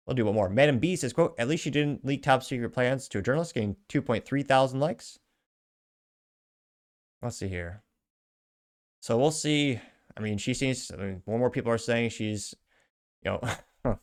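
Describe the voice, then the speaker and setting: Wry male host reading comments. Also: medium pitch. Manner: wry, offhand asides with chuckles. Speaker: show host.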